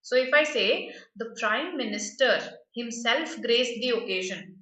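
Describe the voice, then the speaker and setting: A woman's voice: fairly high pitch, lively intonation, measured pace, pushed and bright, roomy sound, low-quality recording. A woman teaching a grammar lesson for exam prep, explaining patiently and often checking with "right?".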